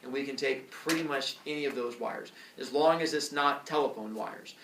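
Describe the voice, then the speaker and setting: A male teacher with a gravelly, creaky edge explains rules to his class, joking and tossing in playful impressions of students. He is picked up from across an echoey classroom, sounding distant from the camera, with a faint hiss behind him. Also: medium pitch, moderate pace. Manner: joking, lively, puts on kid voices for effect. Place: school classroom. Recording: echoey classroom, far from mic.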